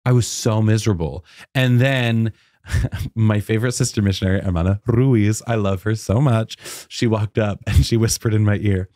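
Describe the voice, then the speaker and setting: A man around thirty, a comedian telling a personal story in casual chat, animated and full of "like" fillers. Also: normal speed, no echo, clean studio sound. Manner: animated, many "like" fillers, acts out quotes in a high voice. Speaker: guest comedian.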